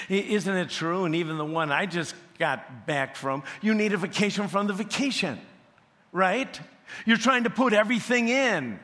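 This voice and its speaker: A male pastor preaching a sermon at a slow, deliberate pace, building to emphatic peaks. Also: a little high, fairly bright tone. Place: church sanctuary. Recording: long church reverb.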